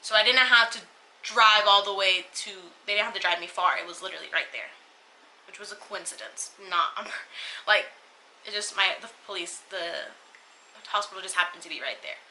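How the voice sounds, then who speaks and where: A woman's voice: mid-range voice, moderate pace, bright, forceful tone, low-quality recording. A young woman vlogger telling a personal story in a casual, rambling way, full of fillers and restarts. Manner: emotional, rambling retelling with many fillers and restarts.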